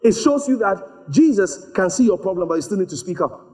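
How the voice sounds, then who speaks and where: A man preaching a sermon, telling stories in an animated way and slipping into voices for the people in them. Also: high voice, brisk. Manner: animated storytelling, acts out voices.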